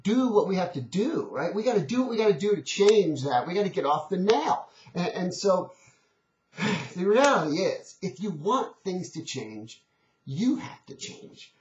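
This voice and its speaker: Brief: conversational motivational speaker, man, slightly high, lo-fi roomy old recording. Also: sing-song, moderate pace, a little mellow. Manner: earnest and conversational, many restarts. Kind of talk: motivational talk with storytelling. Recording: dull, echoey old recording.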